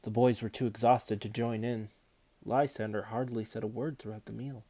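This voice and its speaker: Man calmly reading a storybook. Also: fairly low pitch, moderate pace. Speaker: audiobook reader.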